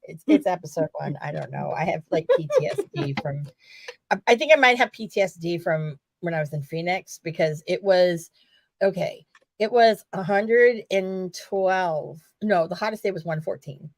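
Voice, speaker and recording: A woman co-hosting a casual wrestling talk show, her voice sitting a little low. She rambles in an animated way and swears casually. The sound is dry and close. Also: normal speed, creaky, no room sound. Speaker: podcast co-host.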